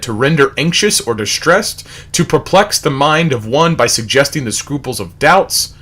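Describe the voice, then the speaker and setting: A man leading a livestreamed Bible study, asking repeated rhetorical questions and reading out word definitions. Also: fairly high pitch. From United States. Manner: animated, repetitive rhetorical questions, reads word definitions aloud.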